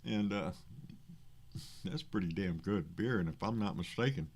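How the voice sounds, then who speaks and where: A Texan man with a fairly low voice hosts a loose political livestream and chats his way through viewer comments. He rambles, curses often and trips over repeated words as he talks. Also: moderate pace, breathy edge. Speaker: livestream host. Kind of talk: casual political livestream chat, reading chat comments.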